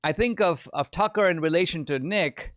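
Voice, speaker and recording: Man, lecturing monologue, slightly high, dry. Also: moderate pace, a bit bright, no room sound. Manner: lecturing, with frequent "uh" fillers. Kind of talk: podcast monologue.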